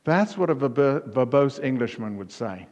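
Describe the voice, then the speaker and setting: A man preaching a sermon as pastor, emphatic, with punchy repetition that rises to near-shouts on key words. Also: mid-range voice, expressive, moderate pace, muffled recording. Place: church hall. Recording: long reverb of a church hall.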